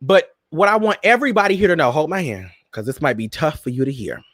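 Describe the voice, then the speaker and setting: Close to the mic in a dry, dead room with no room sound, a sassy, campy podcast host talks fast through casual pop-culture commentary. His voice swoops high and low as he animatedly teases listeners, calling them "girl" and "Miss Thing."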